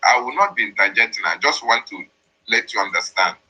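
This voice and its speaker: Captured on a rough recording, a man with a lowish, husky voice sounds pushed and bright as he talks briskly and with animation. Hosting political commentary, he interprets a played voice message, explaining every line emphatically and repeating his points.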